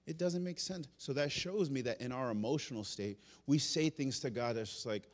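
A male pastor preaching a passionate sermon. He swings from loud, urgent peaks to quiet, intimate asides and acts out prayers and God's replies in the first person. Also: medium pitch, moderate pace, big-room sound. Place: church sanctuary.

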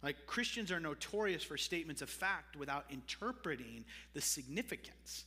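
A man's voice: fairly high pitch, very animated, normal speed, few pauses, pushed and bright, in a large hall. A man preaching a sermon as pastor, conversational, with asides to the congregation. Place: church sanctuary.

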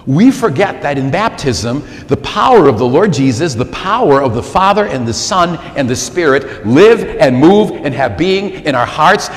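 A man in his sixties, a priest delivering a sermon in a large church, emphatic and given to repeating words for effect. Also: fairly high pitch. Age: 60s. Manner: animated, emphatic repetition. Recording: reverberant church, faint ambience.

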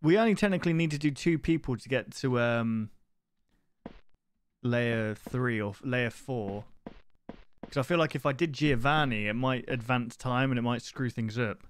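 Clear and resonant, a man's medium-pitched voice moves at normal speed as he narrates his live-streamed gameplay. Easily distracted, he rambles and swears frequently.

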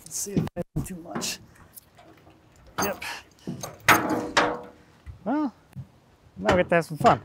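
Outdoors in very noisy conditions, a man with a high, expressive, creaky voice speaks slowly, pausing often, while loading a log onto a trailer. An urban logger and video host, he's chatty and jokey, casually explaining each step as he works.

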